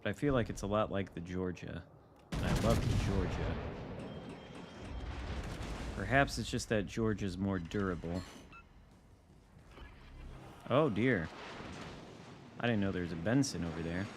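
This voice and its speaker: Low-ish guy streaming a game, dry wry muttering, faint background hum. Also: a little slow, pauses often. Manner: dry, wry musing, thinking aloud. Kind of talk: casual live gameplay commentary.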